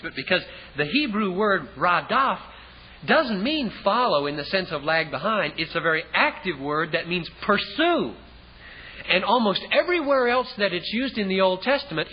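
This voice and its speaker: A male preacher telling a story from the pulpit, swinging between big emphatic peaks and hushed low asides. The recording is dull and lo-fi, with a faint hiss underneath. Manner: storytelling with vivid scenes, dropping low and quiet for dialogue. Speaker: pastor. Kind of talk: sermon.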